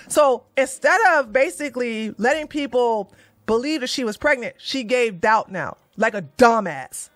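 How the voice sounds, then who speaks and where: A woman doing heated livestream commentary, blunt and animated, swearing and mocking as she swings from low muttering to loud outbursts. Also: normal speed, no echo, clean studio sound. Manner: swears and mocks. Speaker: commentary streamer.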